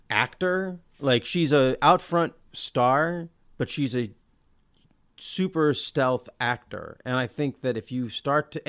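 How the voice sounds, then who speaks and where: Chatty man, mid-pitched podcast host. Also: fairly bright tone. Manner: thoughtful, enthusiastic, drawn-out words and frequent restarts. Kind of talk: casual film discussion.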